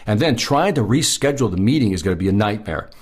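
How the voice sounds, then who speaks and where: Male sales trainer: low, husky, very animated delivery; stresses and repeats his points. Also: fast. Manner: emphatic, repeats key points, asks the listener questions.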